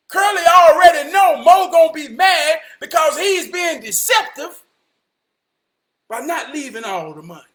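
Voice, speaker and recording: A man with a drawl spins a rambling tale in a very high voice, often raising it to a shout and acting out each friend. The sound bounces around an echoey room. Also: measured pace. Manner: animated, often shouting, slips into quoted voices. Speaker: storyteller. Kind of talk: casual storytelling.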